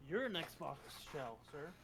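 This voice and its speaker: A man's voice: on the high side, sing-song, unhurried, a crowd in the background. A man running a tabletop game as game master, chatting casually and joking with friends, swearing freely. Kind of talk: casual chat among friends.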